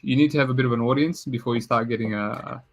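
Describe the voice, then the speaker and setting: Male podcast host, average pitch, laid-back and halting, chatty wrap-up tone. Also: gravelly. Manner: easygoing, halting with fillers, laughs along. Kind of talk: casual chat.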